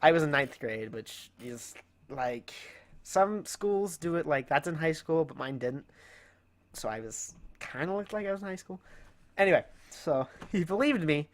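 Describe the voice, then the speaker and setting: A teenage boy with a slightly high-pitched voice tells stories on his own channel. He rambles loosely from one thought to the next and breaks into laughter at himself. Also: expressive, moderate pace. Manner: rambling, with frequent self-amused laughs. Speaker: channel host. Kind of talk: casual storytelling vlog.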